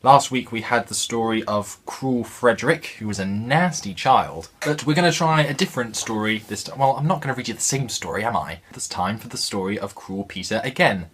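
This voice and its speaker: A man's voice: medium pitch, expressive, moderate pace, few pauses, a bit bright, husky. A man hosting his channel, reading a children's book aloud in a chatty way and breaking off for wry, joking asides. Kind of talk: jokey storybook reading with asides.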